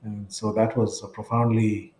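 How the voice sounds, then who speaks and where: A man's voice: lowish voice, little pitch movement, moderate pace, darkish tone, reverberant, slight background noise, rough recording. A man in his sixties from India, telling a personal story earnestly as a podcast guest, often tagging his sentences with "right?". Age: 60s. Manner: earnest, tags phrases with "right?".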